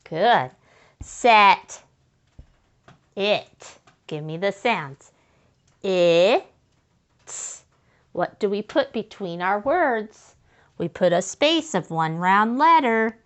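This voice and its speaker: A woman's voice: mid-range voice, animated, takes it slowly, fairly bright tone, highs cut off. A woman teaching young children to write sentences, patiently sounding out letters and words and often praising them. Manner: encouraging praise. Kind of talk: slow step-by-step writing lesson for young children.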